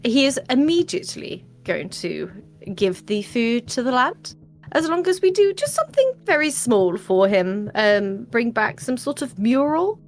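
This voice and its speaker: A woman's voice: a little high, big pitch swings, unhurried, faint music behind. A woman playing her character in a tabletop game, chatty and theatrical. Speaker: player. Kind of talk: in-character tabletop role-play.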